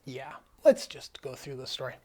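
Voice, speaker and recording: A man's voice: mid-range voice, normal speed. A man telling a personal story in a casual vlog, angry, profane and rambling. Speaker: vlogger.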